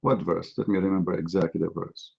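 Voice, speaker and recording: A man's voice: deep voice, flat delivery, brisk, creaky, lo-fi sound. A man hosting a live online debate, mocking and lecturing his opponent in a combative way. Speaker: debate host.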